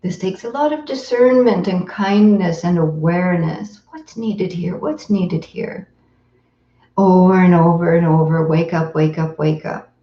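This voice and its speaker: A woman meditation teacher giving a live-streamed dharma talk in a gentle, tender, unhurried way with soft pauses. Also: on the low side. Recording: roomy echo, dull lo-fi sound.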